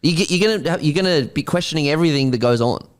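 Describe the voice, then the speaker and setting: Aussie guy on a podcast, lively up-and-down voice, rambly. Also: a little high, fast talker, clear, resonant tone. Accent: Australian. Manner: animated, rambling. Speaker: podcast guest. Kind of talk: casual chat.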